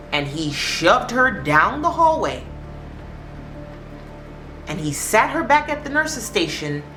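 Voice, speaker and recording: A woman telling a spooky story in a casual, conversational way, in an echoey room with faint music behind. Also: medium pitch. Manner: animated, conversational.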